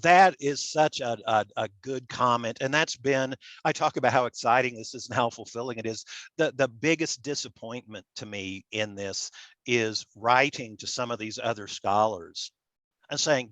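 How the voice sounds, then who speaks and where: A middle-aged man with a nasal Midwestern American accent, giving an academic lecture with slides in a halting way, often repeating his words. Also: medium pitch, fairly bright tone, no room sound. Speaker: public relations scholar.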